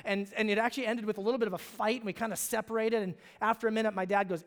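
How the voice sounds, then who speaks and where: A man's voice: sits high, steady tone, quick pace, hardly any pauses. A man from Alaska, a pastor, preaching a sermon in a conversational storytelling way, often restarting his phrases. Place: church sanctuary. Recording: long reverb of a hall.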